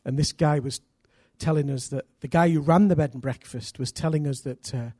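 Lively self-mocking male preacher. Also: on the high side, a little fast, breathy edge, no echo, studio quality. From England. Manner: energetic, anecdotal, self-deprecating humour; bursts of loud emphasis. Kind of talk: sermon with personal stories.

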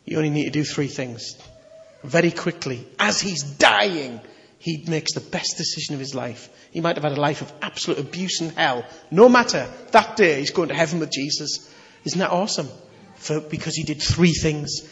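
Animated preacher in an echoey hall. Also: male voice, a little high, moderate pace. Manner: animated, conversational, emphatic. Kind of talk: sermon. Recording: echoey hall, slightly dull.

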